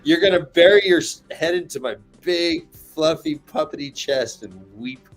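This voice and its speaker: A man's voice: fairly high pitch, normal speed, soft background music. A man co-hosting a casual podcast, joking around and teasing his friends. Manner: joking, slips into a raspy politician impression. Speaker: podcast co-host. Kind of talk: casual banter with put-on impressions.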